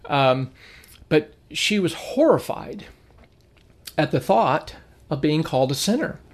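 A man's voice: a little high, big pitch swings, slow pace. Middle-aged man teaching a Bible lesson. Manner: conversational, storytelling, acts out quoted people.

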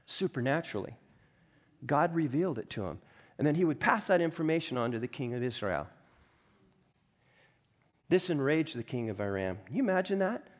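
A man preaching a sermon as pastor, reading scripture aloud and commenting on it in a lively, conversational way, often clearing his throat. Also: mid-range voice, normal speed, pauses often.

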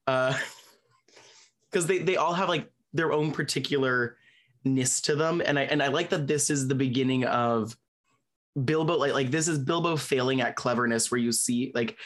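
A podcast co-host chatting casually and excitedly about a favorite book. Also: mid-range voice, moderate pace. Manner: gushing and excitable. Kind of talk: casual book club chat.

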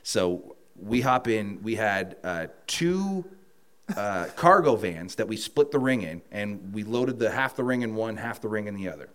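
A middle-aged man with a low voice tells a story in casual conversation, swearing often and acting out the other people in it. The sound is dry and close. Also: unhurried, no room sound. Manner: profane, animated storyteller acting out quotes. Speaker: podcast guest.

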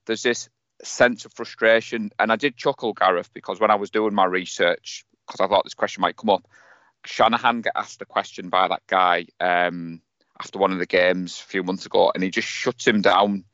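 A man with a Teesside accent chats loosely as co-host, joking and poking fun at himself. His voice sits a little low. The recording is dull and dry. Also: steady tone, normal speed, fairly bright tone, dry recording. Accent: Teesside English. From North East England. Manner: chatty, joking, self-mocking. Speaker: podcast co-host. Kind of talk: casual sports chat.

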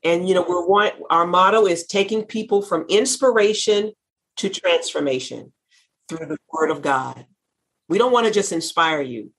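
Fervent woman minister on a faith talk show, husky tone. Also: on the low side, normal speed, a bit bright. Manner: fervent, preacherly, repeats phrases. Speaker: minister and network founder. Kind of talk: christian talk show conversation.

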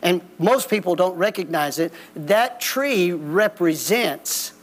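A man's voice: high voice, slow. A man preaching a folksy, plain-spoken sermon in a church. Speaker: pastor. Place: church sanctuary.

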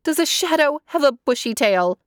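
An indignant old farm woman with a raised, excitable voice, exclaiming and protesting, as a woman storyteller puts her on. The storybook reading is close and dry. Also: high-pitched, moderate pace, no echo, voice pushed up.

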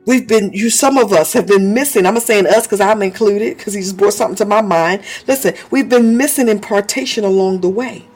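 A man's voice: sits high, fairly quick, few pauses. A man preaching a sermon in a fervent way, often stopping to praise, speak in tongues and laugh.

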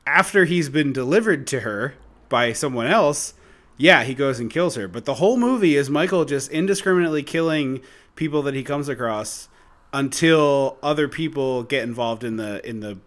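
A man co-hosting a podcast in casual chat, who gets fired up and swears loudly. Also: animated, normal speed. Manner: swears and rants loudly, pitch jumping when worked up. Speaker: podcast co-host.

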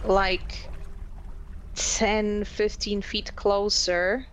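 A woman playing a tabletop game, speaking haltingly and searching for words. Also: medium pitch, flat delivery, a little hiss or hum, rough recording. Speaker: player. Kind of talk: casual tabletop game chat.

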